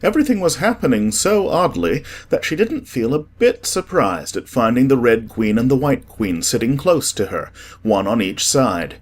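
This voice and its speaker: Husky-voiced male audiobook narrator. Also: medium pitch, sing-song, normal speed, few pauses.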